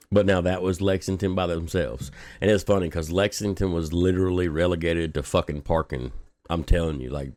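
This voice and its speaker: A man's voice: sits low, dry recording, studio quality. A man, hosting a local news podcast and telling a story in a casual, profane, laid-back way, laughing often.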